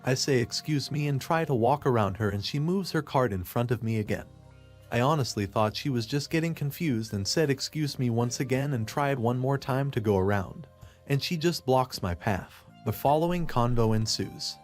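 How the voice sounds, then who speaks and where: A man's voice: medium pitch, animated, moderate pace, soft background music. Man narrating a first-person story.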